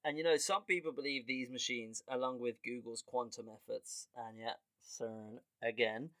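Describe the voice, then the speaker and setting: A man hosting a comedic podcast in a loose, animated monologue. He laughs often and swears casually, with a mid-range voice recorded dry and close. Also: medium pitch, normal speed, dry recording. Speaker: podcast host.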